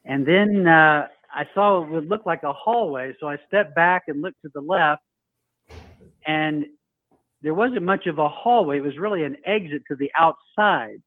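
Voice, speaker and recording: A man's voice: on the high side, a little slow, dry recording. A man calling into a show and telling a personal story, acting out the voices of the people in it. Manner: storytelling, acts out quoted voices. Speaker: caller. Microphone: phone. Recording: tinny phone line.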